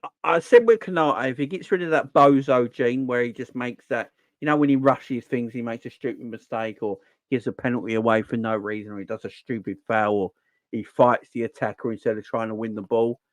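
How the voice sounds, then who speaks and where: Brief: male stream host, animated slangy football talk, dry close sound. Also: medium pitch, a little fast, no echo. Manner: animated, slangy, answers chat. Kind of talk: casual live-stream chat.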